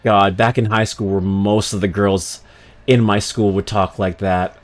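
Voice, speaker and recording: A man streaming a video game, giving rambling, casual commentary full of crude jokes and quick asides. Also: lowish voice, level tone, soft background music. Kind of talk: casual let's-play commentary.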